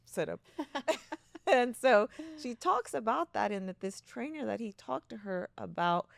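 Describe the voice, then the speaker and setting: A woman co-hosting a casual podcast, chatty and animated, who laughs often and acts out her own thoughts in a higher voice. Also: a little slow, vocal fry, dry recording. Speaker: podcast co-host. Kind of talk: casual chat.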